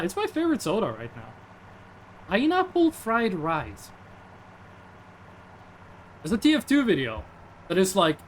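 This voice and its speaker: A young man chatting casually while he streams a game, rambling and reading chat aloud. His voice sits high and swings widely in pitch. A faint hum sits behind him. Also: fairly bright tone. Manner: rambling, reads chat aloud, jokey asides.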